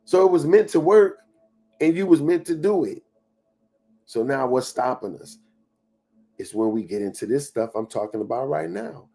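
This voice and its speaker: A man's voice: animated, moderate pace, creaky, pauses often, mellow, soft background music. A middle-aged man giving an emphatic motivational talk, repeating phrases for emphasis and sometimes dropping to a whisper. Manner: emphatic preaching with repetitions; drops to a low whisper acting out inner doubts. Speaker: motivational speaker.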